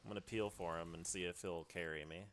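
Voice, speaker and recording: Low gravelly man trash-talking over gameplay. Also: steady tone, fast, fairly bright tone, a little hiss or hum. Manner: trash-talking, swears, bursts into laughter and yelps. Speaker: streamer. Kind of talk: live gameplay commentary.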